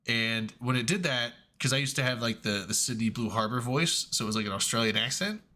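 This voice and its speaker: Bright-voiced man swearing through casual chat. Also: medium pitch. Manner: profane, storytelling, quick bursts. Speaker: podcast co-host. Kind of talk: casual chat while gaming.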